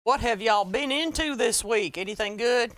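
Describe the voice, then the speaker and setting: A woman's voice: fairly high pitch, normal speed, no echo. A woman with a Southern American accent hosting a casual livestream craft tutorial, chatting and greeting viewers by name. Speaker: livestream host, wreath maker.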